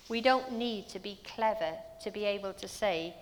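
A woman's voice: mid-range voice, moderate pace, long reverb tail, slight background noise. A woman preaching a sermon in a church, telling stories earnestly and asking her listeners rhetorical questions.

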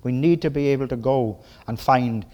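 A middle-aged man with a Welsh accent preaching a sermon in a folksy, lively way, full of tag questions and quick bursts. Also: mid-range voice, lo-fi sound. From Wales.

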